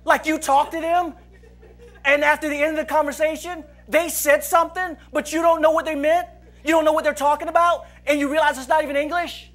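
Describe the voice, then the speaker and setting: A man's voice: very high voice, little pitch movement, fairly quick, fairly bright tone. A man preaching a humorous sermon at a church service, telling stories with frequent laughter and mimicking his friends' voices. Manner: playful storytelling with frequent laughter and voice imitations. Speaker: pastor.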